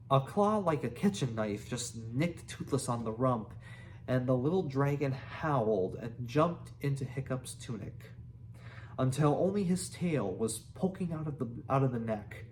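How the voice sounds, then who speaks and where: A man reads a children's novel aloud at a slow, careful pace, now and then tripping and going back over words. His voice sits at a middle pitch. A faint hiss lies beneath the recording. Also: animated, darkish tone. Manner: unhurried, with restarts and asides. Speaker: reader. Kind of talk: reading a children's book aloud.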